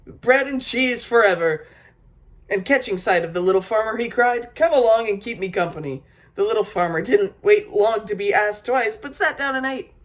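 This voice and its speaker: A woman reading an old fairy tale aloud as a storyteller, lively, with small slips and restarts. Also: medium pitch.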